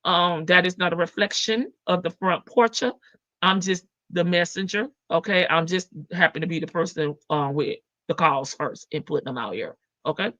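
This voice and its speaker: A woman's voice: lowish voice, moderate pace, bright, forceful tone, no echo. Sassy, brash woman hosting a live stream. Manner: sassy, brash, swears freely and laughs often. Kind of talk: casual live-stream commentary. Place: home in Las Vegas. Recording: dull lo-fi stream audio.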